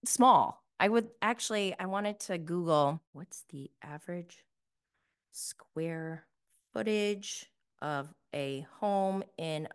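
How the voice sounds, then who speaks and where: A woman's voice: mid-range voice, a bit bright, clean tone. A woman hosting a casual recap show, talking in a chatty, sarcastic way full of fillers. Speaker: podcast host recapping reality TV. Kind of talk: casual commentary.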